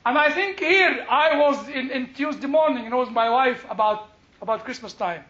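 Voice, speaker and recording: Man teaching a bible class, super high voice, chatty, keeps saying you know, echoey muffled room. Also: normal speed, pushed and bright. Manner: chatty, digressive, peppered with "you know" and chuckles. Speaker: lecturer on the Bible. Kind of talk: classroom lecture with audience questions. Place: lecture room with a live audience.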